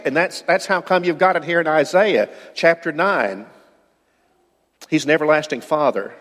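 A man's voice: a little high, a bit bright, big-room sound. A man preaching a sermon, earnest and given to repeating words as he builds a point.

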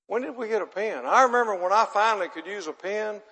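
A man's voice: high-pitched, fast talker, bright, forceful tone, slightly rough. A man preaching a folksy sermon, chatting with his audience and quizzing them. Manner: chatty, asks the audience questions, self-deprecating. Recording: long hall reverb.

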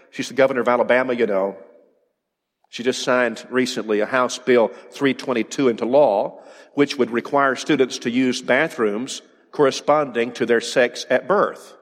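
Guy preaching a sermon, punchy, lots of rhetorical questions, mid voice, big echoey hall. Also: mid-range voice. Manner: emphatic, rhetorical questions, repeats words.

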